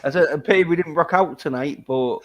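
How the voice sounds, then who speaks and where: A man's voice: on the high side, brisk, a bit bright. A man with a British accent hosting a casual livestream chat, chatty and swearing casually. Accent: British English. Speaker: livestream host.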